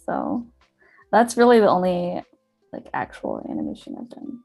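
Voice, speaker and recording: A woman's voice: on the low side, huge pitch swings, moderate pace, creaky, warm tone, dry recording, faint music behind. A young woman guest artist chatting casually on a livestream, bubbly and giggly.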